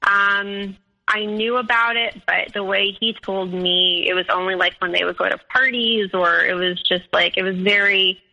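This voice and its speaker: A woman's voice: mid-range voice, steady tone, normal speed, gravelly, pushed and bright, poor audio. A woman guest recounting a personal story in an interview, talking hesitantly with many fillers and restarts.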